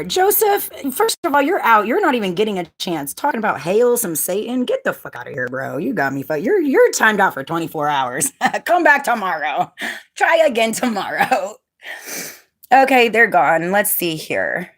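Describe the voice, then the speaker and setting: During a casual livestream, a woman reads viewer comments aloud in a sing-song, fairly bright voice of medium pitch at a moderate pace. She's chatty and laughs often, yet she grows firm whenever someone gets rude.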